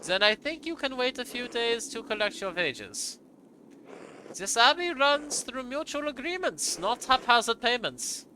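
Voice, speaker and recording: A man's voice: extremely high pitch, sing-song, measured pace, bright, forceful tone, pitched above the performer's own voice, full character voice. A man voicing a stern, pious middle-aged male monk with a mock German accent, formal and stiffly polite, in a noisy home recording.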